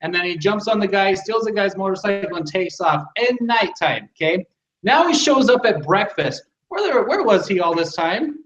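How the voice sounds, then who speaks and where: A man's voice: high voice, expressive, moderate pace, fairly bright tone. A man co-hosting a podcast, arguing his point about a show in a sarcastic, casual way. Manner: argumentative, sarcastic. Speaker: podcast co-host. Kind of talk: casual film discussion. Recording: echoey dull-sounding mic.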